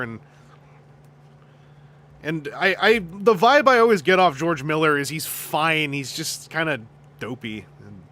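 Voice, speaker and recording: On his stream, a man chats casually in a rambling, jokey way, laughing often, restarting sentences and putting on silly voices. His voice is on the high side, bright and forceful.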